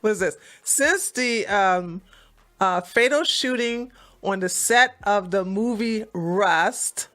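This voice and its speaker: A woman hosting a reaction commentary, talking in a sassy, mocking, animated way. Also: medium pitch, slow, faint music behind. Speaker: commentary host.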